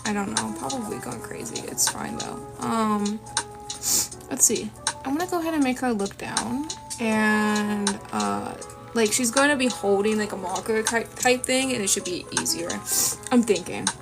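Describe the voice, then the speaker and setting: An art streamer chats casually and rambles to her viewers as she draws, sniffling from a runny nose, with lofi music in the background. Her voice sits in the mid range with lively intonation and a moderate pace, and she's chatty and prone to self-deprecating asides.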